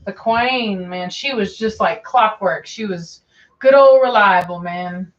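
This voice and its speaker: A woman's voice: medium pitch, slow pace, a little hiss or hum. A woman breeder chatting casually on a livestream, answering viewer questions in a meandering way, with lots of ums and repeated phrases. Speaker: dog breeder hosting a livestream. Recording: dull lo-fi stream audio.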